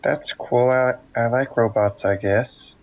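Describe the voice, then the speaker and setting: A man playing a tabletop game, talking in a hesitant, halting way. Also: mid-range voice, fairly even intonation, rough recording. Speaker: player.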